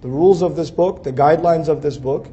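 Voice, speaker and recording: A man's voice: on the high side, a little fast, mellow. A man giving an earnest religious lecture, building lists of phrases and rising to emphatic peaks. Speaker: Islamic speaker. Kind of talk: lecture to a Muslim audience.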